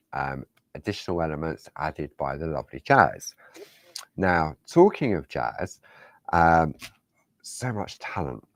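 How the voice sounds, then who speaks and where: A man's voice: low voice, no echo. A man hosting a craft show, chatting casually through products, stumbling over words and laughing at himself. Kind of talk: casual product demo chat.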